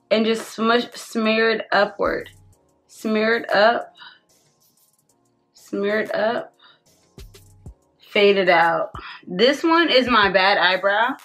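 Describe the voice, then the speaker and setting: A tipsy beauty vlogger chats loosely with her viewers while doing her makeup, swearing freely throughout the casual tutorial. Her voice sits in the mid-range and comes across a bit bright.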